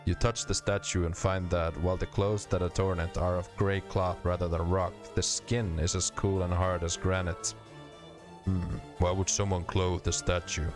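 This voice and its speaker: A man streaming a game, reading the dialogue and narration aloud in a measured, steady way. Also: sits low, music in the background.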